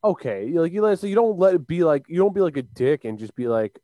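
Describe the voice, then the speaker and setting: A man's voice: a little high, sing-song, quick pace, dark tone, no echo. A man co-hosting a casual sports podcast, talking emphatically, swearing, and filling with "like". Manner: emphatic, profane, many "like" fillers. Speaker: podcast co-host.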